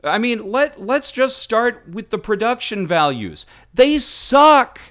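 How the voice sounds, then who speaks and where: A man's voice: high-pitched, big pitch swings, measured pace, fairly bright tone. A man hosting a talk radio show, delivering a sarcastic, mocking rant. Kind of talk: opinion radio monologue.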